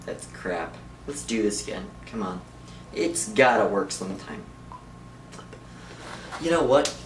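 A man's voice: lowish voice, sing-song, measured pace. Young man, casual vlog, rambling, giggly, distant mic, faint background noise. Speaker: vlogger. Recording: roomy, from far off, faint noise.

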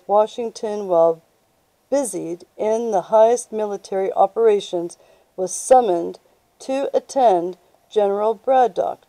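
A woman reads aloud from a history book at a very unhurried pace. Her tone is deep, dark and mellow. The recording is dry and close, with no room sound. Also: no echo, rough recording. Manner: unhurried, plain reading voice. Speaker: reader of books aloud.

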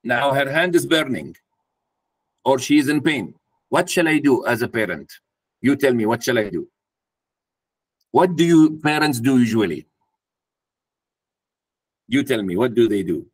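A man's voice: mid-range voice, lively intonation, a little slow, long pauses, slightly rough. A man speaking to a live audience at a mentoring workshop, putting questions to the room and acting out a parent talking to a child. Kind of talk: interactive workshop talk.

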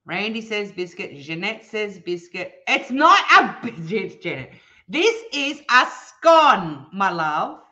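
Bright, playful Australian woman streamer. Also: medium pitch, dull audio. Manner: playful, teasing, animated, laughs often. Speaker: livestream host reading chat. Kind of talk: casual live-stream chat.

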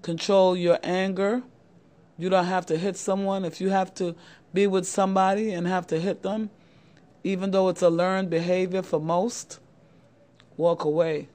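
A woman's voice: lowish voice, flat delivery, moderate pace, dark tone. A middle-aged woman talks straight to her audience of young men in an earnest motivational style. She repeats her points and keeps addressing her listeners directly as "guys". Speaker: channel host giving advice to young men. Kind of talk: motivational talk to camera.

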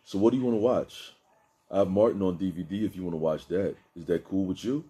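A man voicing a laid-back, generous man in a wheelchair who talks in easygoing street slang, with a deep, mellow voice. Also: quick pace, lightly acted.

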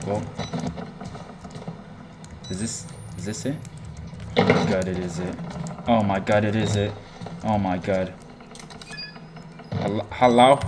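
A man's voice: fairly low pitch, very noisy. A man hosting a horror game let's-play, nervously joking and pleading with the game in casual commentary. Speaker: gaming channel host.

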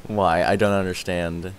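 A man streaming a game live, rambling excitedly, answering chat and thanking viewers as he plays. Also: deep voice. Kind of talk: live gaming stream chatter.

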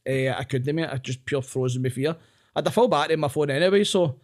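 Fast-talking Glaswegian comedian, sweary. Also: male voice, on the high side. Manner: rapid sweary anecdotes, often breaking into laughter. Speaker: comedian guest. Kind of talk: casual podcast chat.

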